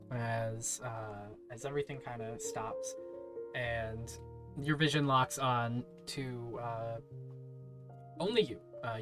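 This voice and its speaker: A man narrating as game master in a tabletop game, hesitant with many fillers. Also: mid-range voice. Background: faint music.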